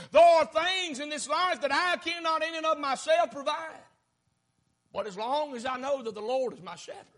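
A man preaching a fervent sermon, swinging from shouted lines down to low, quiet ones.

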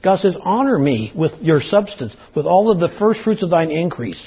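A man's voice: high-pitched, very animated, normal speed, breathy edge. A man preaching a sermon to his congregation, folksy and plain-spoken, addressing them as y'all, with a dry throat. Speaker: pastor. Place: church service. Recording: tinny phone-like sound.

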